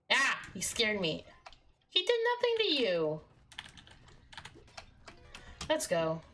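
A young woman streaming a video game, exasperated with her in-game companion, jumping between shrieks and low mutters. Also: bright, forceful tone, slight background noise. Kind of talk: live game commentary.

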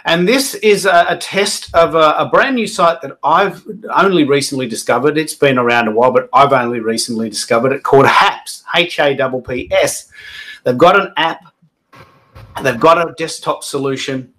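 A man's voice: on the high side, normal speed, pushed and bright. Meet an upbeat Australian man hosting a live stream with a slightly raised voice. He chats in a rambling, friendly way and often restarts his sentences. He welcomes guests and talks casually.

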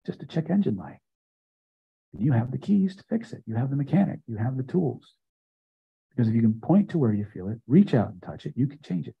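Emphatic husky-voiced man teaching a seminar. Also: mid-range voice, very animated, brisk, highs cut off. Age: older. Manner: emphatic, builds repeated phrases to loud peaks then drops quiet. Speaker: hypnosis and self-help trainer. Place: seminar room with audience.

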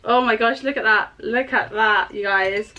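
A young woman chatting excitedly to camera in a casual vlog, giggly and bubbly. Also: fairly high pitch, normal speed, lo-fi sound. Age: young adult. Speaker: YouTuber. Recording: faint background noise.

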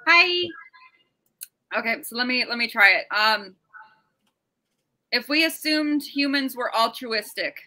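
A woman's voice: on the high side, unhurried, long pauses, pushed and bright, low-quality recording. A woman co-hosting a casual chat, loose and joking, swearing freely and tripping over her words. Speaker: podcast co-host.

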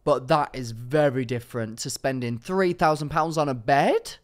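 A man's voice: mid-range voice, normal speed. A young man chatting on a podcast mic, his voice sitting right in the middle of the male range. He talks in a loose, self-mocking way, laughing at himself as he goes. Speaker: podcast co-host. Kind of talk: casual podcast chat.

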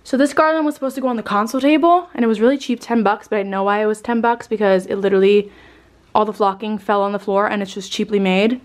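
Her mid-range voice moves fast with fairly even intonation as she, a lifestyle vlogger in her twenties, tours her home. She gushes about her holiday decorating, slightly out of breath, with casual swearing throughout.

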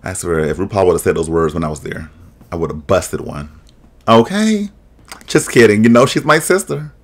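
A man giving casual reaction commentary, animated and exclaiming, mimicking voices as he talks. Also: low voice, fairly quick, creaky. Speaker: drag reaction vlogger.

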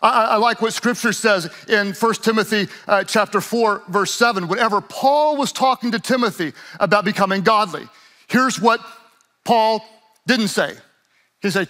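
Bright, high-voiced man preaching a sermon. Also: normal speed. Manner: emphatic, repeats key phrases, acts out lazy runner in mumbled voice. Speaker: pastor.

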